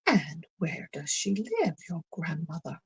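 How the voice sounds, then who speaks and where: A woman voicing a sly, scheming wolf who talks in a smooth, coaxing, falsely friendly way. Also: low voice, very animated, measured pace, heavily acted, rough recording.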